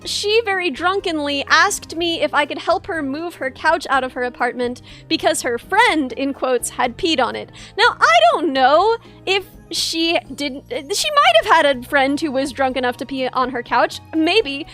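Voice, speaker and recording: A woman's voice: sits high, expressive, unhurried, hardly any pauses, a bit bright, faint music behind. A young woman streamer telling a wry story in casual chat, full of "like" and restarts. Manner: chatty, wry, lots of "like" and restarts.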